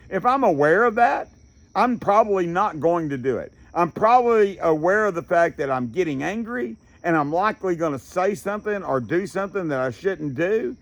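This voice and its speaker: A man speaks in a fairly high, folksy voice, teaching anger control like a casual chat. He loops back with fillers and restarts. Crickets chirp faintly behind him. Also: lively intonation, moderate pace, no room sound. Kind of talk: casual lecture.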